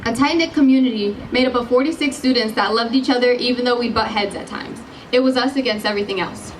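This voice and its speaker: A woman's voice: a little high, fast talker, distant mic, a little hiss or hum, low-quality recording. A teenage girl, the class president, giving her graduation speech, bubbly and giggly, apologizing when she loses her place. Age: late teens. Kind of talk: commencement speech.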